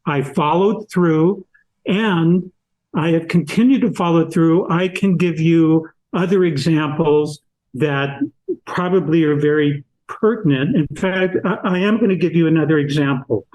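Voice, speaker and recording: An older man, a podcast guest and author, telling anecdotes slowly and deliberately in an interview. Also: a little high, a little mellow, rough recording. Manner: slow, deliberate anecdotal storyteller. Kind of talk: storytelling in an interview.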